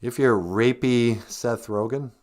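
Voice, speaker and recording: A man's voice: medium pitch, slow pace, darkish tone. A man hosting a comedy podcast, rambling sarcastically with mumbled asides. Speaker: podcast host.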